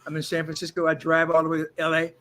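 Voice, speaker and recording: A man's voice: a little high, completely flat delivery, racing, fairly bright tone. An older man, a former football player and actor, telling boastful stories in an interview and acting out what others said. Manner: boastful, acts out quotes of others. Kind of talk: animated storytelling interview.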